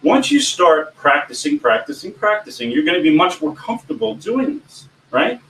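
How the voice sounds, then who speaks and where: A man coaching people on giving presentations in an informal teaching talk, animated and often swinging his voice up and down. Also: fairly high pitch, moderate pace. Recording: echoey room, distant mic, faint background hum.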